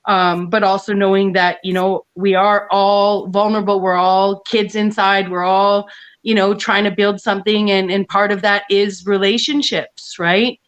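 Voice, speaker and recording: A woman's voice: medium pitch, level tone, a little slow, clear, resonant tone, lo-fi sound. A woman talking casually on an online panel, rambling with many restarts and frequent laughs. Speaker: panel guest.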